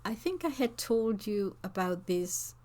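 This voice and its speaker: A woman teacher answering viewers' comments in an unscripted talk, slow and thoughtful, with frequent hesitations and restarts. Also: mid-range voice, very animated, a little mellow. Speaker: language teacher and channel host.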